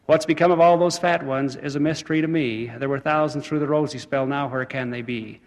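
A man reciting a grumbling big white rooster in a poem, slightly lower and quieter than his own voice, with a long hall reverb. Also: brisk, natural voice.

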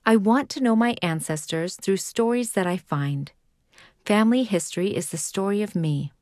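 A woman narrating a children's magazine story in a calm, clear way. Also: medium pitch, moderate pace, no room sound, clean studio sound.

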